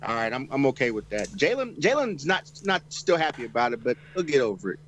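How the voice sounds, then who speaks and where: A man's voice: mid-range voice, big pitch swings, a little fast, dull audio. A man chatting as a guest on a podcast, easygoing and teasing in a good-natured way. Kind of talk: casual chat.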